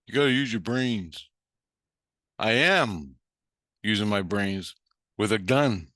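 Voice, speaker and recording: A man's voice: on the low side, slow pace, long pauses, dry recording, studio quality. A man rambling in a profane, ranting monologue. He acts out both sides of a conversation as he tells it. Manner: profane, ranting, animated retelling. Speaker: vlogger.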